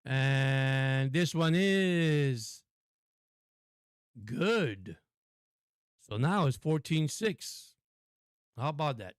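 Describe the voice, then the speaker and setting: A man's voice: a little high, very slow, pauses often, clear, resonant tone, no room sound, studio quality. Man calling football play-by-play live. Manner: casual, excitable, chatty. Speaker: sports stream host.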